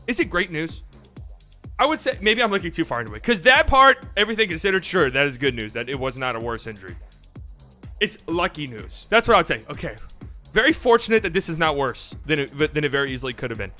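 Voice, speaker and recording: A man's voice: on the high side, big pitch swings, fast talker, pushed and bright, soft background music. A young man hosting a casual live sports talk show, ranting in a rambling, profane way. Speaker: sports podcast host.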